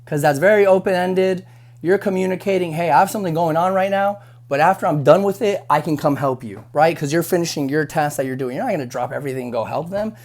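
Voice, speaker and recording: A man's voice: a little high, fast talker, a little mellow. A young man talks straight to the camera in a loose, conversational way. He repeats himself, restarts sentences and leans on fillers, sounding like a busser venting and giving advice after a shift. His tone is frank and unpolished. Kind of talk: casual advice monologue.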